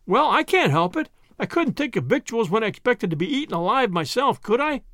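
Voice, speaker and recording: A man's voice: extremely high pitch, very animated, brisk, fairly bright tone, dry recording, clean studio sound, pitched above the performer's own voice, full character voice. A man voicing a timid young farm girl who pleads in a raised voice. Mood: pleading.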